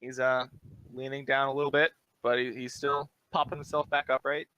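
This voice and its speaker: A man's voice: medium pitch, little pitch movement, moderate pace, bright, forceful tone, smooth, no echo, dull audio. A man narrating as dungeon master in a live-streamed tabletop game, easygoing and casual, with filler words. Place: home setup, streamed live.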